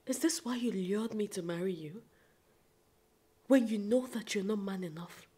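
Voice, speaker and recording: An actress playing a furious, betrayed young wife who accuses and shouts. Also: female voice, medium pitch, moderate pace, husky, close to an everyday voice. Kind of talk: film drama acting.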